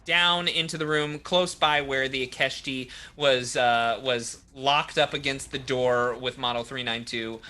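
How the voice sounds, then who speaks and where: A man's voice: mid-range voice, fairly even intonation, measured pace, few pauses, bright, forceful tone, clear, resonant tone. A man running a live tabletop game as game master, friendly and talking in loose bursts.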